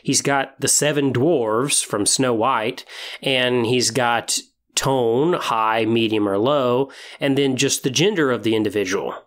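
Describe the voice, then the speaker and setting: A man with a mid-range voice hosts a podcast, talking casually. He explains things step by step and pauses as he runs through lists. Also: medium pitch, a bit bright. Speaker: podcast host.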